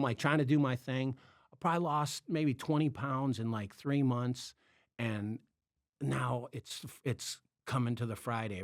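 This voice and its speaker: A man in a casual podcast chat tells a long story and keeps breaking into laughter. He mimics the people in it with quick jumps in his voice. His mid-pitched voice is recorded close and dry. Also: no room sound. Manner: animated, acts out quotes with laughs. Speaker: podcast host, comedian.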